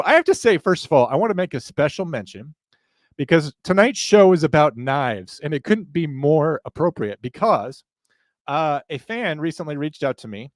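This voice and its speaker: Rambling, joking podcast host. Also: male voice, a little high, no room sound. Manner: rambling, joking, profane asides. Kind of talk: live podcast banter.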